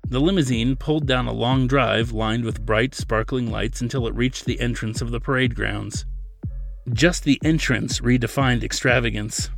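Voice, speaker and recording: A man, the author, narrating his science fiction novel as a scripted reading in a steady storytelling manner. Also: medium pitch, moderate pace, gravelly, soft background music. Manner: steady storytelling, plays character lines lightly.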